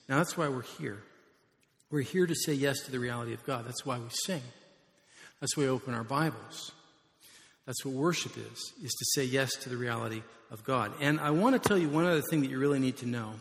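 A man preaching a sermon as pastor, emphatic and surging louder on key words. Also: mid-range voice, brisk. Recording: long reverb of a large hall.

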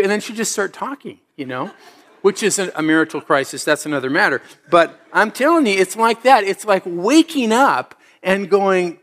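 A middle-aged man delivers a sermon in a relaxed, storytelling manner. His voice sits slightly high for a man. He moves from easy anecdotes into earnest, rising appeals to his congregation. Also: moderate pace. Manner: conversational storytelling with emphatic rising exhortations. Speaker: pastor.

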